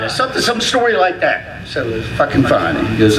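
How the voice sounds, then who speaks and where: A man telling an animated, profane anecdote, acting out the people in it as he quotes them. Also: mid-range voice, fairly quick, few pauses. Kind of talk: storytelling. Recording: echoey room with loud crowd.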